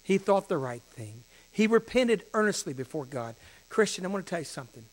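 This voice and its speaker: Man, pastor, dramatic sermon, fairly high voice, hushed to emphatic. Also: big pitch swings, brisk.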